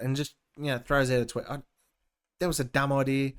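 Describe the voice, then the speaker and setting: A man's voice: mid-range voice, flat delivery, fairly quick, smooth. A young Australian man hosting a casual opinion podcast, ranting and sarcastic as he reads the news and cuts in with his own comments. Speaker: podcast host.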